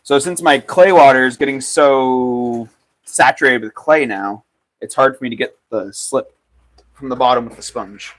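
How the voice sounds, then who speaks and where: A man's voice: medium pitch, normal speed, fairly bright tone. Chatty man joking with his viewers. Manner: joking, chatty, reads out and answers viewer comments. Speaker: livestreaming potter. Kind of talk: casual livestream chat.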